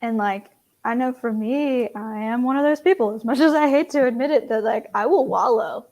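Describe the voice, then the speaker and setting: A woman's voice: a little high, normal speed, a little mellow. A woman speaking candidly and with self-deprecation in a casual faith-based conversation.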